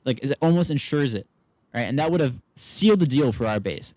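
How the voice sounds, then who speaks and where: A man's voice: medium pitch, lively intonation, brisk, darkish tone, no room sound. A man giving casual let's-play commentary, swearing and venting as he talks himself through the game. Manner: frustrated, swears often, talks to himself while playing. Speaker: gaming YouTuber.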